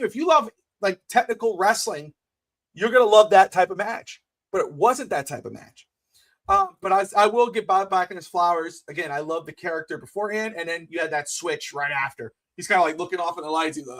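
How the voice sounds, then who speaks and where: A man with a high voice talking casually as a podcast co-host. He is blunt and a little profane, and he swings between low mutters and near-shouting when he gets worked up. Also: lively intonation, a little fast.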